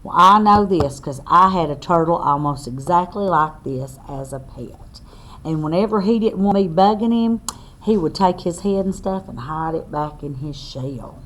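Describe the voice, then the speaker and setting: A woman's voice: on the low side, lively intonation, fairly bright tone. A woman teacher reads a picture book aloud to young children, asking the class questions as she goes. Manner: slow, sing-song read-aloud with questions to the class.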